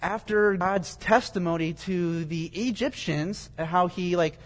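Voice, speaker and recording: A man's voice: high voice, takes it slowly. Man preaching in an echoey hall. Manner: explains scripture verse by verse in plain everyday words. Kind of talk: conversational Bible teaching. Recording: long reverb, echoey hall.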